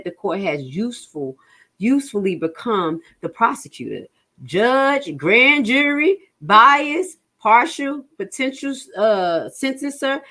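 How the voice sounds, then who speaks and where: A woman with a New Jersey accent reading a legal motion aloud and explaining it to her viewers, stumbling over words and stopping for asides. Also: low voice. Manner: halting reading with many fillers and restarts, asides to the audience. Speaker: legal commentary host.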